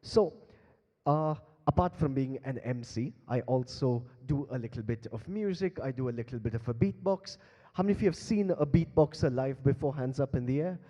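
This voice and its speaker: A male emcee and beatboxer with an Indian English accent hosts a live conference on a large hall stage, playfully urging the crowd to take part. He speaks at normal speed in a mid-range, dark voice with lively intonation, and the handheld mic audio is dull, with long hall reverb.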